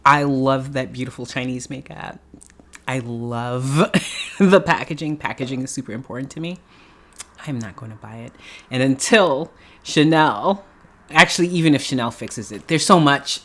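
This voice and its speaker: A woman's voice: very deep voice, normal speed. Woman, middle-aged, from New York, casual vlog talk, chatty, laughs often. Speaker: beauty YouTuber.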